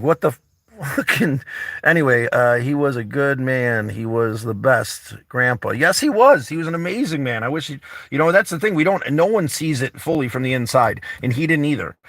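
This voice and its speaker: A man's voice: mid-range voice, lively intonation, brisk, a bit bright, dry recording. A man hosting a vlog, chatting casually with friends inside a camper van, rambling and candid, peppering his talk with "you know" and swearing. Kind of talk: casual chat.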